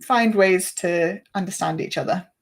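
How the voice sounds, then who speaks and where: A woman's voice: on the low side, unhurried. Woman teacher explaining pronunciation patiently. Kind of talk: explanatory chat.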